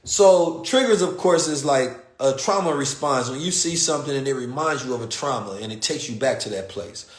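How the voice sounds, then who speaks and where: A man's voice: mid-range voice, fairly quick, few pauses. A man from the United States hosting a show and telling a story in casual, slangy talk, acting out the people in it. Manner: animated, slangy, acts out quoted voices. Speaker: podcast host. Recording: roomy echo.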